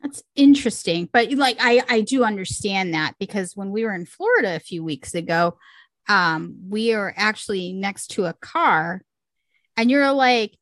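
A woman with a mid-range voice shares stories on a podcast in casual chat. She is animated and leans on fillers as she talks. The recording is dry, with no room sound. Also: medium pitch, normal speed, no room sound. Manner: animated storyteller, many fillers. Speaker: podcast co-host.

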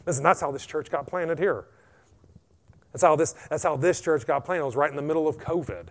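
A man with an American accent preaching a sermon, repeating "amen" and swinging between loud and hushed delivery. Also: a little high, fairly quick. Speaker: pastor.

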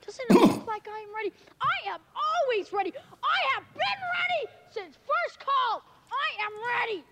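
A squeaky, overeager voice. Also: male voice, big pitch swings, measured pace, heavy background noise, heavily acted. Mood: insistent.

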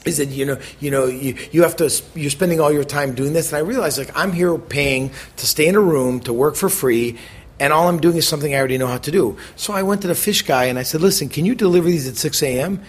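A middle-aged American man, a chef as interview guest, telling animated stories and acting out the people he quotes. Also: a little high, slightly rough. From United States. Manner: animated, acts out quoted voices, quick bursts. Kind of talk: conversational storytelling.

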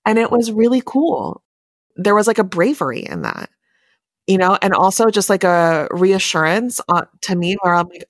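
A woman in her thirties, a therapist guest on a podcast, telling family stories in an animated way and acting out the dialogue. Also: lowish voice, quick pace, no echo, studio quality. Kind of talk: casual heartfelt conversation.

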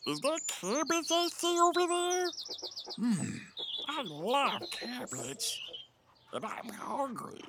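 A man's voice: very animated, takes it slowly, noisy background, exaggerated voice. A man playing a sly wheedling gopher. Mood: sneaky. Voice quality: slips into a deep voice. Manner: wheedling, teasing, bargaining. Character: sly hungry male gopher, trickster. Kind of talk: audio comedy sketch.

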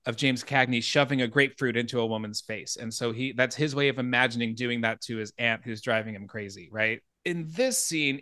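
A man hosting a casual horror movie podcast, recounting scenes with animated asides and a few laughs. His voice is at an ordinary middle pitch. The recording is dry and close, with little room sound. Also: no room sound. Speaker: podcast host. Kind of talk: casual film discussion.

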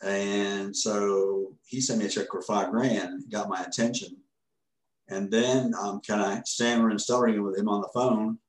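Low voiced guy telling his story on a podcast, earnest, stops and restarts a lot, echoey room. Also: fairly even intonation. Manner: earnest, halting, often restarts mid-sentence. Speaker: podcast guest, ministry founder. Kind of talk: casual spoken storytelling.

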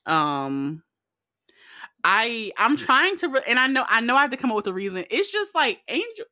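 Lively swearing woman cohost, voice jumps way up when she gets into it, bright tone. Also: moderate pace. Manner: animated and profane, jumping high when acting out reactions. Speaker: podcast co-host. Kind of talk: casual chat.

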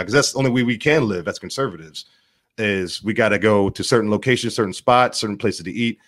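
A man talks straight to his viewers in a rapid, combative rant. His words tumble out quickly in a rambling flow, at a medium pitch. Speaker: vlog host. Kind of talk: political rant vlog.

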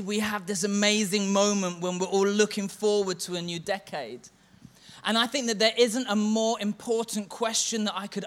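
Guy preaching at church, high bright voice, tells stories and mocks the me-me-me attitude. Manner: storytelling, chants a mocking refrain. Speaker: church leader. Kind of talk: sermon.

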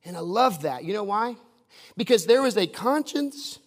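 A man preaching a sermon with a notably high voice. He is passionate and emphatic, hammering phrases through repetition and stretching some lines into a near-sung cadence from the stage. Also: lively intonation, moderate pace. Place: stage before a congregation.

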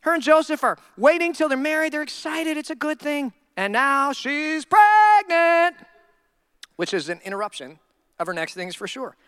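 A male pastor preaching a sermon in a humorous, animated storytelling way. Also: extremely high pitch, normal speed, no echo, studio quality.

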